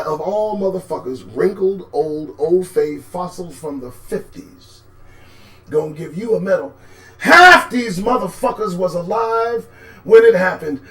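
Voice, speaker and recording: A man hosts a live commentary show, delivering sarcastic, profane remarks. He swings between low mutters and sudden shouts.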